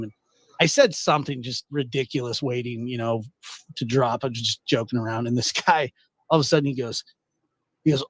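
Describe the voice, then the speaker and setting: A man's voice: mid-range voice, no echo. A man telling a story in casual chat, acting out both sides of an argument. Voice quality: animated, acts out both sides of a quoted argument.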